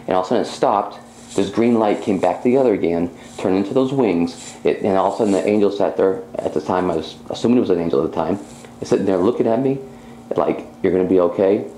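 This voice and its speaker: A man, a psychic medium, telling his own experience as an animated personal testimony, acting out what he said at the time. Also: low-pitched, quick pace. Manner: animated storytelling, reenacting his own speech. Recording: roomy echo with faint background hum.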